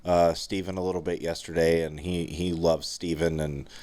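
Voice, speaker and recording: Low-voiced easygoing podcast co-host man. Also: flat delivery, normal speed, mellow. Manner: easygoing, lots of "yeah" and repeated starts. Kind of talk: casual chat.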